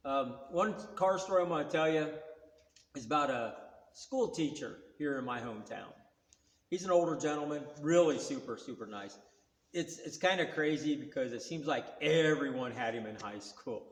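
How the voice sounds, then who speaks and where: A man in his sixties tells car stories in a casual, rambling, folksy way, with a voice pitched a little higher than most men's. The recording is roomy, and a long reverb trails behind his words. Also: moderate pace. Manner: rambling, folksy, plain-spoken. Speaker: car vlogger. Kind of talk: casual storytelling.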